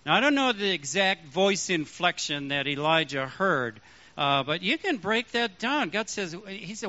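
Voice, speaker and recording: A man, a pastor, preaching a sermon in an animated way, acting out the voices he quotes. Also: sits high, measured pace. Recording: dull lo-fi sound.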